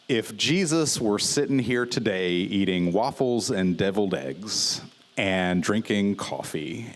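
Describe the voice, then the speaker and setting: A man preaching a conversational sermon as pastor, mixing casual fillers and light humor into scripture teaching. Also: on the low side. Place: church service.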